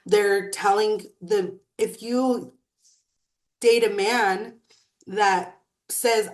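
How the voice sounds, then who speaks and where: A woman in her thirties, a mother, giving an earnest, measured personal talk with thoughtful pauses. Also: mid-range voice, steady tone. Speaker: mother and emotional wellness speaker.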